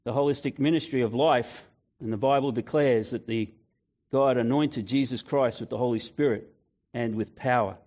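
A man's voice: mid-range voice, fairly even intonation, normal speed, a little mellow. A man preaching a conversational sermon, telling personal stories and speaking directly to the congregation.

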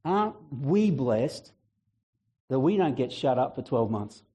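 A male pastor preaching a lively sermon, acting out voices and chatting with the congregation. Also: medium pitch, unhurried. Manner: animated, acts out biblical voices, chatty asides; fluent, breaks into a shout.

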